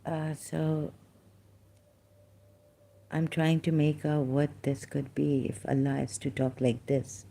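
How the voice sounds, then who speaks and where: A man from Pakistan speaks in a solo live stream, his voice dark and mellow with a gravelly fry. He talks very slowly and haltingly, full of hesitations and trailing asides. At times he sinks into a soft whisper. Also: fairly high pitch, completely flat delivery.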